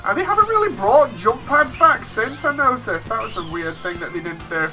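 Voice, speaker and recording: A woman streaming a game, chatting casually with her viewers and reading their chat messages out loud. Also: on the high side, big pitch swings, moderate pace. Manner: reads chat messages aloud, chatty and laughing. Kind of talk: casual gameplay stream commentary. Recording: faint game music behind.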